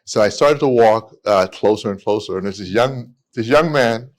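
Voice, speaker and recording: Man, 50s, low voice, chatty guest with restarts and animated storytelling. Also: moderate pace. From United States. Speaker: guest, immigration attorney. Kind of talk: casual podcast conversation.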